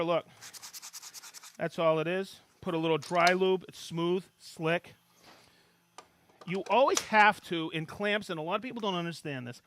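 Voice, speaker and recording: A middle-aged man from Maine hosting a live-streamed tool demo, chatting and reading out where viewers are from with bursts of excitement. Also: a little high. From Maine, USA. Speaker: livestream host demonstrating tools.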